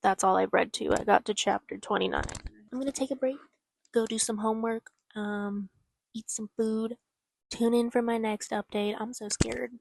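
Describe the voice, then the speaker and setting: An excitable young woman chats through her reading in a casual vlog. She rambles and swears freely, with a slightly high voice. The sound is close and dry. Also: moderate pace, vocal fry, no room sound. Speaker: book vlogger.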